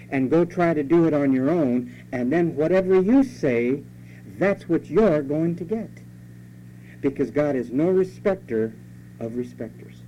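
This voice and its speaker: A man's voice: fairly high pitch, warm tone. Emphatic preacher man, lo-fi hum. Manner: emphatic preaching, repeats key phrases, rhetorical questions. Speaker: pastor. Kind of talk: sermon. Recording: dull lo-fi sermon recording with faint hum.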